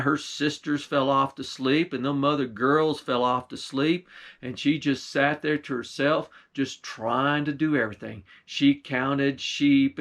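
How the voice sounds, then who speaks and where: A man's voice: on the high side, fairly bright tone. A man, a pastor, telling an old folktale in a folksy rural dialect. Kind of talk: folktale storytelling.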